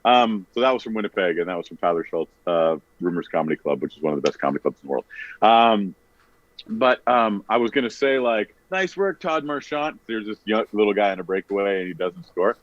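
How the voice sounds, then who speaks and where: Canadian comedian guest, low voice, rambling storyteller; muffled, dry mic. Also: male voice, fast talker, no room sound. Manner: rambling, self-correcting storyteller. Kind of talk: casual podcast chat. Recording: dull, dry podcast audio.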